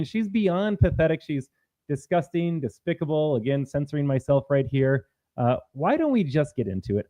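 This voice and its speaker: A man's voice: on the high side, mellow, dry recording, rough recording. Combative male political show host. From Minnesota. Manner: combative, reads out viewer comments. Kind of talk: live-streamed political commentary.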